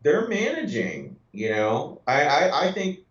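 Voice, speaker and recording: A man co-hosting a casual fantasy football podcast, talking in a relaxed, conversational way. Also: a little high, a little slow. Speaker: podcast co-host. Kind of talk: casual sports chat. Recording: echoey, dull lo-fi sound.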